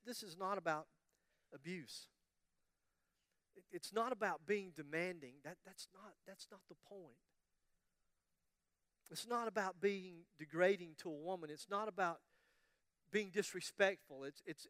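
A man's voice: high-pitched, fairly bright tone, no room sound, clean studio sound. A man preaching a sermon, telling a story with humorous asides and acting out the voices of the people in it. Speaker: pastor.

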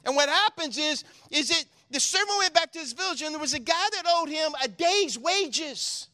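High bright-voiced preaching pastor. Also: male voice, moderate pace. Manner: preaching with call-and-response asides to the congregation; swings from quiet solemn reading to loud excited preaching. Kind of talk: sermon.

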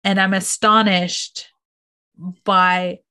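A woman's voice: mid-range voice, little pitch movement, drawn-out words, sharp tone, smooth. A woman guest on a podcast, speaking in a reflective, thoughtful way. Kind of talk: casual podcast conversation.

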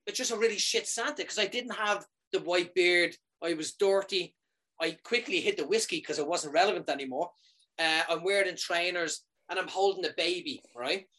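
A man telling a funny story in a loose, casual way. He keeps it animated and swears freely. He often pauses to ask "right?" to keep his listener with him. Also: high-pitched.

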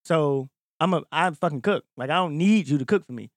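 A man's voice: on the high side, lively intonation, brisk, no room sound, clean studio sound. A man co-hosting a podcast in casual chat, blunt and emphatic with plenty of profanity. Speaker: podcast co-host.

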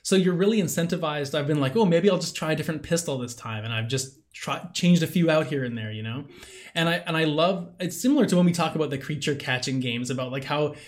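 Man in his own voice for a podcast co-host, animated, quick to laugh, pitched a bit high. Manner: animated, laughs often, swears casually. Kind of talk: casual chat.

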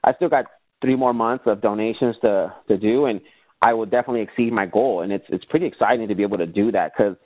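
A quick-speaking man with a fairly low voice tells stories as a podcast guest, acting out past conversations as he goes. The sound is tinny and narrow like a phone line, and it is dry with no room echo. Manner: animated storyteller who acts out remembered conversations. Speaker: podcast guest, business owner. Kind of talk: casual interview storytelling.

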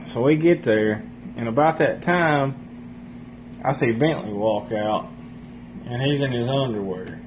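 A man's voice: medium pitch, a little slow, darkish tone, slight background noise, low-quality recording. A man casually telling a rambling, profane story among friends. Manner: rambling, profane, laughs while telling stories.

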